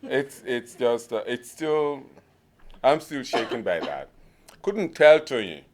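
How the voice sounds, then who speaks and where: A man from Nigeria giving an informal conference talk, pausing often to search for words, with a humorous touch. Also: medium pitch, very animated, background noise. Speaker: conference speaker.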